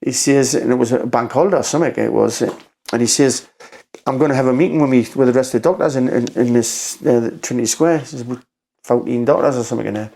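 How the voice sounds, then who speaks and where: A man with a Geordie accent, a podcast guest telling a story in a rambling, halting way, acting out quotes with "I says". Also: medium pitch, vocal fry, mellow. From Newcastle, England. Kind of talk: casual storytelling conversation.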